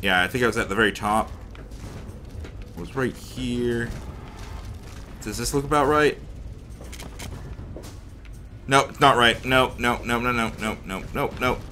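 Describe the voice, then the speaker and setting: A man giving casual commentary while playing a game, talking to himself and to the characters, sometimes slipping into a mock accent or a hushed murmur. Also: medium pitch, unhurried, long pauses, slight background noise. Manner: talks to himself and the game characters, rambling and reactive; slips into a mock accent, drops to a hushed murmur when sneaking. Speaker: let's play gamer.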